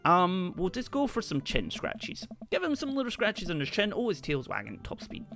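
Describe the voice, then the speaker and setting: A man playing a dating game, reading its text aloud and reacting with animated surprise as he goes. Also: high-pitched, moderate pace, hardly any pauses, soft background music. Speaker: gaming channel host. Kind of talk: let's play commentary.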